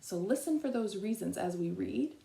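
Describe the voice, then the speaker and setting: A woman leading a school assembly as a trainee principal, speaking slowly and clearly to children and reading a picture book aloud. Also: medium pitch, animated, warm tone, reverberant. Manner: slow, clear teacher talk with call-and-response prompts. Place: elementary school.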